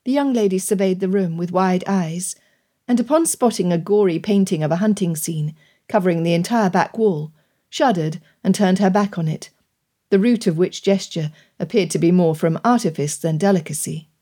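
A woman reads a novel aloud in a measured, steady narration. Her voice sits low for a woman and has a mellow, warm tone. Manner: measured, even storytelling. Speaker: audiobook narrator. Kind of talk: scripted narration.

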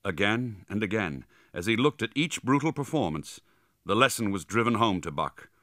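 Lively, bright-voiced male storyteller. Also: fairly low pitch, moderate pace, no echo, studio quality. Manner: dramatic, vivid storytelling. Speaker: audiobook narrator. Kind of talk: scripted narration.

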